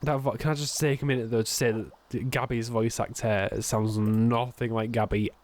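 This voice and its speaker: A man's voice: mid-range voice, little pitch movement, normal speed, a little mellow. A young man giving joking, sarcastic commentary while playing a video game. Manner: sarcastic, joking, camp asides. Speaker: let's play gamer. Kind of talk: gameplay commentary.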